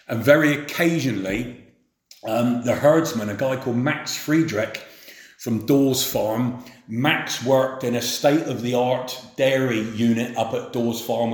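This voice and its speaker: A middle-aged man from England telling memories of his youth in an unhurried, plain-spoken way. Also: mid-range voice. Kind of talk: spoken memoir. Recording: roomy echo.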